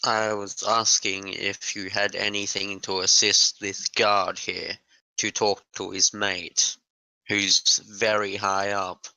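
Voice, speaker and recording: A man playing a tabletop game, casually thinking aloud and pitching plans. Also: flat delivery, slow pace, sharp tone, clear, resonant tone, dry recording, poor audio. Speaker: player. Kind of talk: tabletop role-play.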